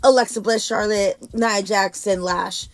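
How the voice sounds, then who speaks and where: A woman's voice: mid-range voice, fairly even intonation, unhurried, dry recording. Blunt opinionated woman co-host. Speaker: wrestling show co-host. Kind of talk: casual chat.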